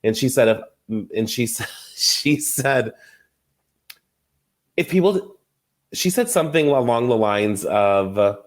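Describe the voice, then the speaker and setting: A man's voice: medium pitch, expressive, slow pace, pauses often. A young adult man hosting a casual recap podcast, gossipy and chatty, often laughing and acting out quotes. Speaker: podcast host.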